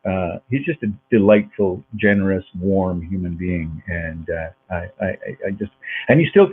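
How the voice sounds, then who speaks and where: Older guy telling stories in an interview, low husky voice, sounds like it's over the phone. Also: animated, normal speed. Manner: rambling, repeats words, warm anecdotal tone. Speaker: guest actor. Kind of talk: casual interview storytelling. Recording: phone-like narrow line.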